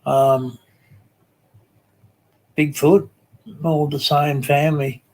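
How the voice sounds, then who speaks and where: Slow, rambling Australian man. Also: on the high side, level tone, darkish tone. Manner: slow, rambling, many ums and restarts. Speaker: live stream host. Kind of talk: casual live chat reading comments.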